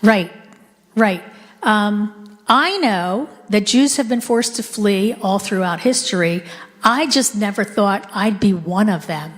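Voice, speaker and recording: A woman's voice: medium pitch, expressive, slow pace. Middle-aged woman, guest speaker, talking to an audience in a hall with a long echo. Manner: conversational, engages the audience with questions. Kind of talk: talk to a live audience. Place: synagogue hall. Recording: long hall reverb from a live room.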